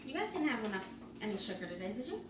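A woman, a mother hosting a casual family vlog, laughing and giving the kids quick instructions. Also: medium pitch, big pitch swings. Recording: echoey noisy room, mic far off.

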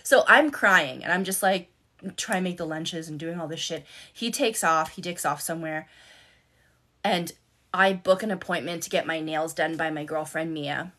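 A woman's voice: deep voice, moderate pace, bright, forceful tone. A middle-aged woman telling her own story on a live stream, candid, swearing freely and repeating words for emphasis. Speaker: life coach and content creator on a live stream.

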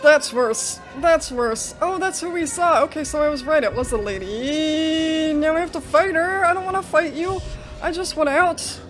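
High-voiced woman, panicked horror gameplay commentary. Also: moderate pace. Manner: panicky, jittery, breaks into nervous laughs. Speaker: gaming video host. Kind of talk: horror game let's play commentary. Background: game music.

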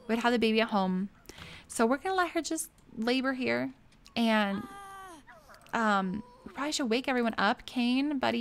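Chatty woman gushing through gameplay. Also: a little high. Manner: chatty, giggly, gushing over the game. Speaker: gameplay streamer. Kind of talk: casual gameplay commentary.

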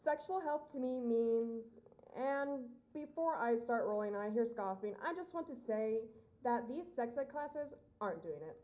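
A woman's voice: fairly high pitch, lively intonation, moderate pace, darkish tone. An eighteen-year-old woman performing spoken word poetry on stage, earnest and rising to firm emphasis. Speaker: slam poet. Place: live poetry event on stage.

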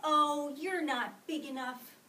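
A woman voicing a grouchy ladybug who shouts and picks fights, reading a storybook aloud to a class. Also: high-pitched, takes it slowly, a little hiss or hum, pitched above the performer's own voice, exaggerated voice. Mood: bossy shouting. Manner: shouting, bullying. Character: loud bossy grouchy ladybug picking fights. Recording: echoey classroom from far off.

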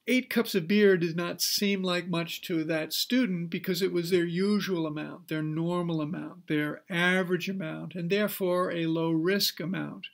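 A man presenting a counseling workshop, teaching in a measured lecture voice with occasional fillers. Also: fairly high pitch.

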